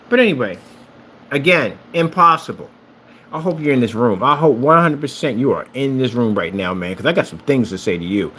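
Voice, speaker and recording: In a ranting vlog, a man who makes screen paint goes after a rival with a combative, mocking tone, repeating his jabs. His voice is a little high and a bit bright, with slight background noise.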